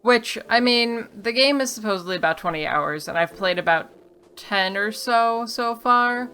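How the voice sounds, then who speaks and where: Wry, bright-voiced woman streamer. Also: on the high side, lively intonation, moderate pace, smooth. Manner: chatty, wry, reads game dialogue aloud and jokes about it. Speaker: let's play streamer. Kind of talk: casual gameplay commentary.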